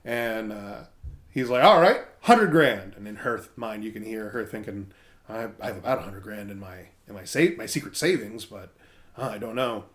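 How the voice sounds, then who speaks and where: A man's voice: fairly low pitch, normal speed, fairly bright tone. A man co-hosting a casual podcast, animatedly retelling a story and slipping into quoted voices as he goes. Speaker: podcast co-host recapping a manga. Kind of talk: casual chat.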